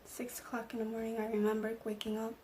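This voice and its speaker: A woman's voice: on the high side, monotone, quick pace, a little mellow, a little hiss or hum. A young woman vlogger telling an emotional personal story, acting out the lines of the people in it. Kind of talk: storytime vlog.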